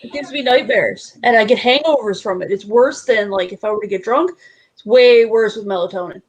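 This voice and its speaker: A woman chatting casually on a video call, telling quick stories with lots of "like". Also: fairly high pitch, slightly rough, rough recording. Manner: chatty, quick storytelling with 'like'. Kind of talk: casual chat.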